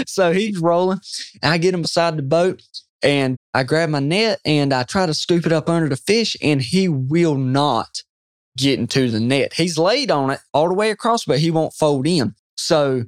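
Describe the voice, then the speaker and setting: Man, excited storyteller, quotes himself, dry sound. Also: on the high side, moderate pace, no room sound. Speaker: guest angler. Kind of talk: storytelling in a podcast interview.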